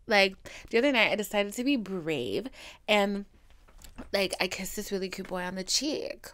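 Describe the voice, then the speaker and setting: A young woman hosts her own comedy podcast and tells stories with sass and plenty of swearing. She has a bright, sharp voice that sits a little high. She swings from loud exclamations down to hushed, secretive whispers. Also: normal speed. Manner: profane, sassy storytelling. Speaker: podcast host. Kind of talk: comedic solo podcast monologue.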